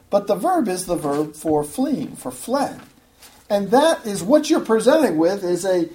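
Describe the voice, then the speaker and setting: A man's voice: sits high, a little mellow, slight background noise. A man pastor preaching a sermon in an earnest, conversational way, after reading scripture and praying.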